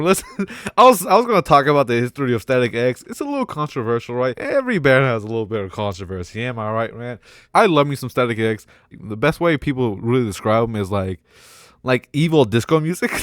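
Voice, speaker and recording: A young man rambling casually as a vlogger, excitable, swearing a lot and laughing often between remarks. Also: medium pitch, clean tone, no echo, studio quality.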